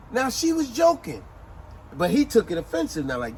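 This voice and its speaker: A man hosting a casual book review chat, retelling scenes as an animated storyteller with street slang. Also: high-pitched, normal speed, a little hiss or hum, rough recording. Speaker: host.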